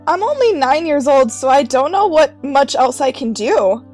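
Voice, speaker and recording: A woman voicing an earnest nine-year-old girl hero in a comedic fanfiction reading, with a high, eager, childlike delivery. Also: big pitch swings, moderate pace, darkish tone, soft background music.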